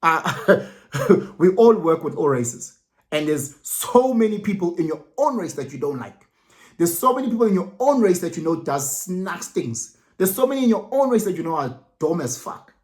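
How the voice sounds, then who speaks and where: Animated South African man giving his opinions. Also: high voice, moderate pace. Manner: animated, repeats words and restarts, mixes in Zulu phrases. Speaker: vlogger commenting. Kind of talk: casual opinion monologue.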